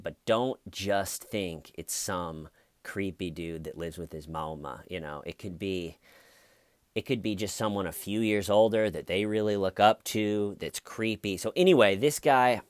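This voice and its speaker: A man tells a true-crime story in a loose, rambling way, with lots of fillers and restarts. His voice sits low and comes through smooth and clear. The recording is dry, with no room sound. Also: measured pace, no echo. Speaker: commentary youtuber. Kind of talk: casual true-crime commentary.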